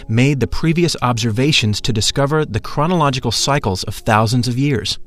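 Guy reading a mystical story earnestly, medium pitch, faint music behind. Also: a little fast. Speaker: narrator. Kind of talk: scripted mystical narration.

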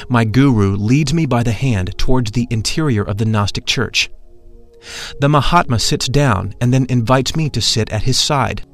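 Guy reading a mystical story earnestly, medium pitch, faint music behind. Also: normal speed. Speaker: narrator. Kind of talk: scripted mystical narration.

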